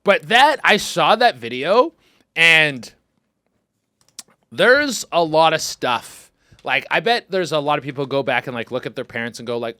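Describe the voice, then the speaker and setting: A man hosts a comedy podcast with a bright, sharp tone and a lively voice that jumps all over. His talk is excitable and profane, in quick riffs close to a dry mic. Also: on the high side, no room sound. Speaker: podcast host. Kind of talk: casual comedic commentary.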